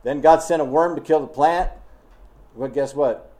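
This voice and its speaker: A man's voice: fairly high pitch, moderate pace, warm tone. A man preaching a sermon in an emphatic, scolding way, full of rhetorical questions.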